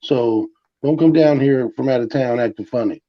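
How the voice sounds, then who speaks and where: A man's voice: medium pitch, normal speed, highs cut off. A man from South Tampa co-hosting a casual sports podcast, brash and emphatic, swearing freely.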